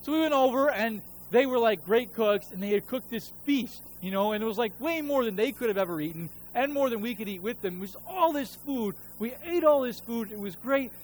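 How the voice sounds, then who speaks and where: A man in his thirties with a very high, expressive voice preaches a sermon as a pastor, speaking fairly quickly with few pauses. His personal story is casual and conversational, and he acts out his own voice and God's. The low-quality recording carries a little hiss or hum.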